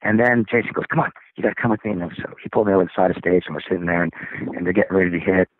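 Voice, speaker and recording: A man, a rock singer, telling stories as an interview guest, acting out other people's lines in excited, high voices. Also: racing, a little hiss or hum. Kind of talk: casual storytelling interview. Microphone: phone. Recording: tinny, dry phone line.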